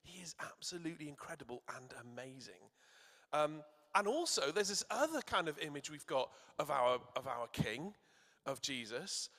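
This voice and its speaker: A man preaching in a church, warmly encouraging and asking the children to call out answers. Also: a little high, expressive, normal speed, creaky, in a large hall. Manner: encouraging, asks the audience to shout answers. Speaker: church speaker. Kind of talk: sermon with questions to children.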